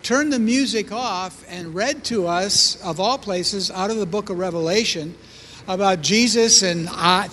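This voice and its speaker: A man's voice: high-pitched, moderate pace, bright, forceful tone, in a large hall, a little hiss or hum. An older man telling his testimony in a sermon, with humor, to a congregation. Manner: storytelling, self-deprecating humor. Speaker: preacher.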